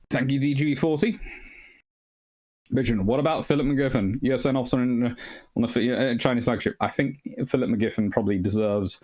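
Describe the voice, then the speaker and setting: A man's voice: mid-range voice, darkish tone. A tired male history host and academic, rambling through a livestream sign-off and thanking viewers by name. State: tired, short on sleep. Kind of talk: livestream sign-off, reading chat.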